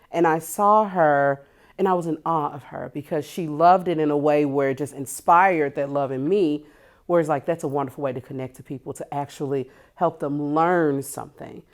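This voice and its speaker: A woman from Tennessee who works as a school family and community liaison, answering interview questions with careful, clearly enunciated speech. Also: low voice, moderate pace, darkish tone.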